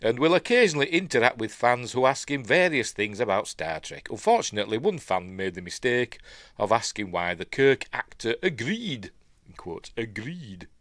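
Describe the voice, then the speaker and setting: A man's voice: mid-range voice, animated, brisk, a bit bright, no echo, clean studio sound. A man with a Yorkshire accent hosting a casual livestream, reading news aloud and drifting into chatty asides and questions to his viewers. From Yorkshire, England. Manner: rambling, chatty asides, audience check-ins.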